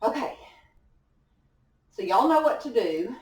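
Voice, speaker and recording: A woman's voice: a little high, big pitch swings, takes it slowly, a little mellow. A young woman leading a home workout class, giving encouraging cues while exercising along. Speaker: fitness instructor. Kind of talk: guided home workout instruction. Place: indoor room at home. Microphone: distant camera mic. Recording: echoey room, far from mic.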